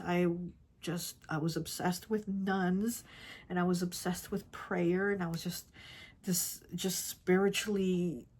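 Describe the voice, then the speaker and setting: A woman tarot reader telling a personal story in casual chat, rambling and repeating herself, often dropping to a soft, hushed voice. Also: fairly low pitch, breathy edge. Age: adult with children. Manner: rambling, repeats herself, many "like" and "you know".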